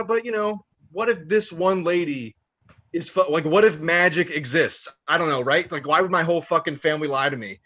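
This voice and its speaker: A man doing stand-up, telling a long story in a profane, animated way and laughing at his own lines. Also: a little high, dull audio. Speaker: stand-up comedian.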